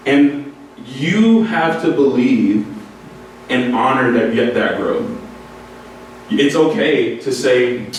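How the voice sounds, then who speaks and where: A man's voice: medium pitch, expressive, slow pace, pauses often. A man giving an earnest, candid motivational talk to music students, often breaking into laughter. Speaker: speaker addressing music students. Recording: echoey hall, voice from far off, faint noise.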